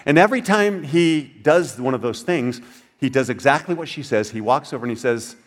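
Older man, pastor, sermon, conversational, questions to the congregation, soft quiet moments. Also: medium pitch, animated, moderate pace. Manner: conversational, asks the audience questions, drops to soft quiet passages.

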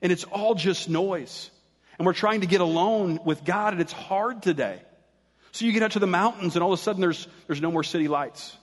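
A male pastor delivers a sermon in an easy, chatty manner, joking with his congregation now and then. His voice sits a little higher than most men's. The sound carries the long reverb of a church hall. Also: fairly quick.

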